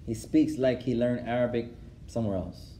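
In an Islamic lesson for a class, a man alternates English and Arabic, translating along the way, repeating phrases for emphasis and laughing at his own tales. His medium-pitched voice is mellow at a moderate pace, with slight background noise.

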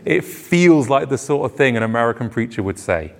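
A pastor preaches a sermon into a microphone before a live congregation in a church, his medium-pitched voice gravelly with fry. Brisk and expressive, he is earnest and emphatic, rising on the words he wants to land.

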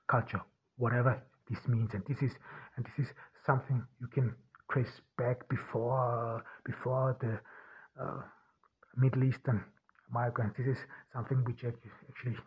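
A man hosting a podcast, talking in a halting way with many restarts and fillers. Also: mid-range voice, husky. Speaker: podcast host. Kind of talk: casual monologue. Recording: dull lo-fi audio.

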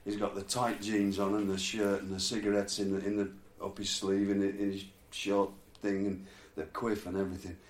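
A man's voice: on the low side, flat delivery, brisk, hardly any pauses. A man telling a rambling, laughing story in casual chat. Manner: rambling, laughs through his stories. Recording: echoey room, faint background noise.

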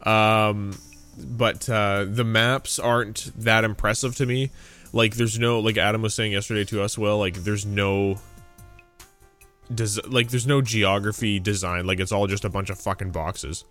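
A man with a lowish voice rambles through a loose gaming podcast chat, dropping swear words and laughing along the way. Faint music hums behind him. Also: fairly even intonation, unhurried, fairly bright tone. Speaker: podcast host. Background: faint game audio and music.

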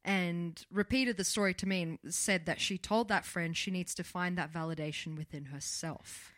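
A young woman co-hosting a casual podcast chat, agreeable and quick to chime in. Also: lowish voice, a bit bright, no room sound, clean studio sound. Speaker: podcast co-host.

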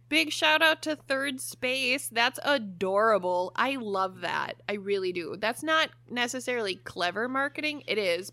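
A young woman co-hosting a podcast, telling a story in a lively way, swearing freely and laughing often. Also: on the high side, dry recording. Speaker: podcast co-host. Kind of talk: casual chat, storytelling.

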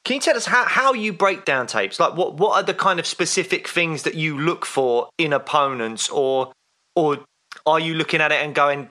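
A man's voice: a little high, bright, forceful tone. A man hosting a fan podcast, asking long rambling questions in a casual interview. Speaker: podcast host.

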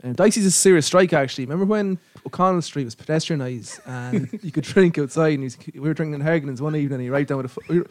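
An Irish man hosting a casual podcast with friends, animated and quick to act out stories. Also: fairly high pitch, dry recording. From Ireland. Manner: animated storyteller, acts out quotes. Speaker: podcast host. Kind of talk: casual banter among friends. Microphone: studio mic.

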